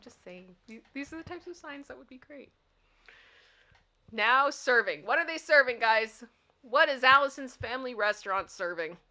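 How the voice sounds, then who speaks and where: A woman's voice: high-pitched, lively intonation, normal speed, sharp tone. A woman hosting a casual livestream, reading funny signs aloud, giggling playfully and talking back to her chat. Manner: giggly and playful, often laughing. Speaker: livestream host.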